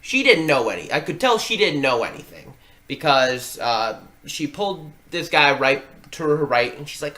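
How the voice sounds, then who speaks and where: A man's voice: on the high side, big pitch swings, normal speed, sharp tone. A man co-hosting a podcast who talks sports casually and animatedly, often laughing while he talks. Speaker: podcast co-host.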